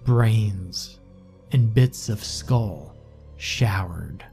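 A man narrating a horror story in a slow, measured, somber scripted read. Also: on the low side, gravelly, warm tone. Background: faint music.

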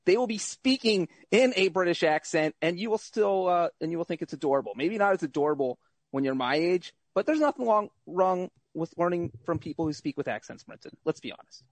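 Teasing high-voiced male co-host, dry close sound. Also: expressive, a little fast, dry recording. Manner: teasing, playful. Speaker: podcast co-host. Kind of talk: casual chat.

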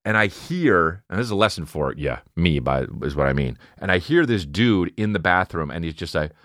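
A man in his thirties, a comedian telling a rambling, profane story in casual chat, mumbling low one moment and shouting the next. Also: moderate pace, dry recording, studio quality. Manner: profane, animated, swings between mumbling and shouting.

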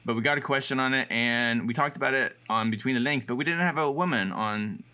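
A man's voice: medium pitch, fairly quick, bright, forceful tone, clean tone. A man co-hosting a fight podcast, telling stories in a chatty, rambling way with many fillers. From Los Angeles area. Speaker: podcast co-host. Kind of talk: casual chat.

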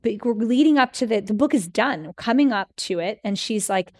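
A woman speaking as a guest in a conversational interview, telling stories with lively acted-out quotes. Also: medium pitch, brisk, hardly any pauses. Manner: animated storyteller, acts out quoted letters. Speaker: guest author, historian.

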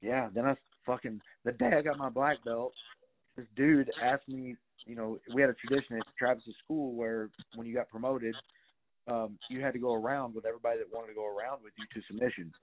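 A man's voice: mid-range voice, fairly even intonation, a little fast. A middle-aged man telling stories casually as a guest, rambling with many fillers and some swearing. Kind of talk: casual storytelling. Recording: tinny phone-like sound.

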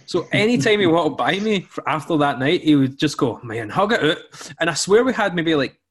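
A man's voice: on the high side, lively intonation, a little fast, fairly bright tone, husky. A young Scottish man co-hosting a football podcast, chatty and laughing as he talks. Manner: chatty, laughs through his stories. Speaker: podcast co-host. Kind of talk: casual chat.

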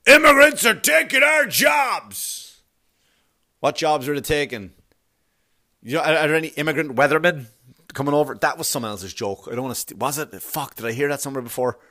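A man's voice: medium pitch, fast, fairly bright tone. A middle-aged man doing a profane stand-up routine, rambling and acting out little scenes in put-on voices. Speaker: stand-up comedian.

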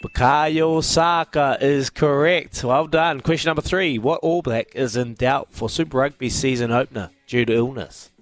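A man's voice: medium pitch, moderate pace, few pauses, no room sound. Kiwi male radio host, cheeky and playful with callers, light music bed. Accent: New Zealand. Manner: cheeky, teasing, laughs often. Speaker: radio sports quiz host. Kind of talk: upbeat radio banter with callers.

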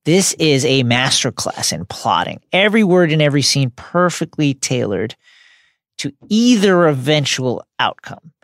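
A man co-hosting a podcast who speaks with emphasis, his pitch rising and falling widely as he makes his points. His delivery sounds like a read-out essay. The mic is close and the sound is dry. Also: big pitch swings, a little slow, no room sound. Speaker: podcast co-host. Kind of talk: casual podcast discussion.

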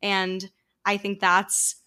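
A woman's voice: mid-range voice, monotone, takes it slowly, pushed and bright, clear, resonant tone. A woman hosting a podcast, affirming her guest and reflecting thoughtfully. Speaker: podcast host. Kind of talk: interview conversation.

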